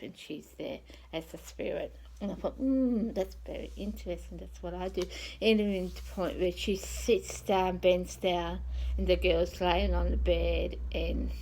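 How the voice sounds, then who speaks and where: A woman's voice: fairly low pitch, gravelly, a little mellow, rough recording. A woman, a psychic, telling a rambling personal story in a casual, conversational way that often trails off.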